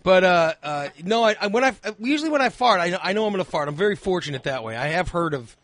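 A man hosts a call-in chat with a high voice that swings about animatedly. His tone is bright and forceful, close and dry, and he teases his caller bluntly with crude humor. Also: animated, fast talker, no echo. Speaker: host.

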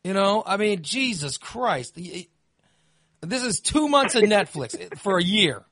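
A man hosting a podcast, chatting casually and ranting with animated, profane energy. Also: high-pitched, unhurried, dry recording, studio quality. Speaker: podcast host.

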